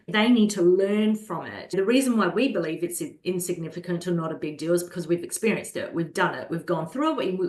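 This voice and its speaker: Calm earnest woman in a roomy space. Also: on the low side. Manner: calm, earnest, slows down when acting out soothing a child. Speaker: guest, children's holistic health practitioner. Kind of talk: conversational interview. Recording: roomy echo.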